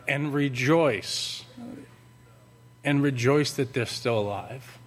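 A man voicing a friendly old man in his seventies giving slow, earnest advice. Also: medium pitch, a little hiss or hum, natural voice. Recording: long hall reverb.

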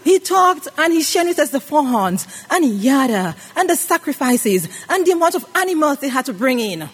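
Woman preacher, high and lively voice, call-and-response sermon, echoing worship hall. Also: normal speed, few pauses. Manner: call-and-response, asks the congregation questions.

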